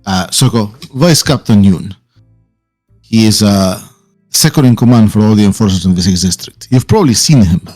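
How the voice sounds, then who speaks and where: A man acting as game master, narrating casually with frequent pauses and restarts. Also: lowish voice, lively intonation, darkish tone, faint music behind.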